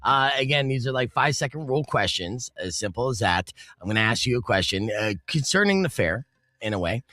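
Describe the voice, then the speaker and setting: A man's voice: medium pitch, big pitch swings, fairly quick, sharp tone, no echo, clean studio sound. A man hosting a casual comedy podcast, running a quiz game as a playful, upbeat quizmaster who laughs often.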